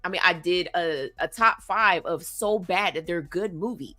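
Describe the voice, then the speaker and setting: A woman co-hosting a podcast, talking in a quick, emphatic way and laughing often. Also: lowish voice, pushed and bright, no echo, soft background music. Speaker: podcast co-host. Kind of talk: casual chat.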